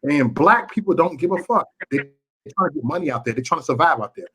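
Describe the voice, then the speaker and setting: A man's voice: fairly high pitch, lively intonation, fast, bright, forceful tone, husky. Passionate swearing man hosting a live show. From Chicago. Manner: passionate, swearing, repeats words when worked up. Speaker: livestream show host. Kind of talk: casual heated call-in talk.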